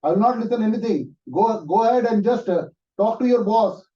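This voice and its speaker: A man voicing an excited, insistent caller who talks loudly and rushes to give orders. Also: mid-range voice, roomy sound, close to an everyday voice. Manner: loud, bossy, rushing. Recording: distant, muffled room recording.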